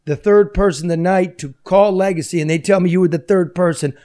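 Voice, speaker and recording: A man hosting a talk show, chatting casually and making jokey, rambling sponsor pitches. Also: brisk, dark tone. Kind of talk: casual talk show chat with live ad reads.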